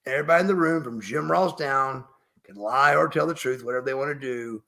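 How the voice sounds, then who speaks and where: A man's voice: mid-range voice, brisk, vocal fry, bright, forceful tone. A middle-aged man, emphatic and profane, telling a story as a podcast guest. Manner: emphatic, profane, refers to himself by name. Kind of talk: storytelling interview.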